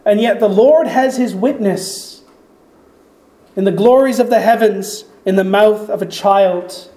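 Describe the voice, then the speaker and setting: Mellow-voiced preacher in an echoey room. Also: mid-range voice. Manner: reflective, slows down when quoting scripture. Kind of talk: sermon on a psalm.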